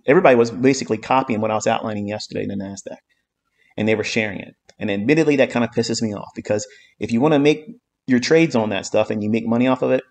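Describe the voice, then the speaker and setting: A man's voice: medium pitch, darkish tone. Blunt, profane man teaching a livestream. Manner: blunt, profane, emphatic with repeated phrases. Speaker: trading mentor. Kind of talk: live-streamed trading lesson.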